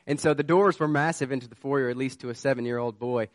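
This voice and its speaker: A man's voice: medium pitch, fast talker, hardly any pauses, no echo. A man preaching a sermon. He tells a personal story in an earnest, conversational way and turns it into urgent warnings. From southern United States. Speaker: pastor.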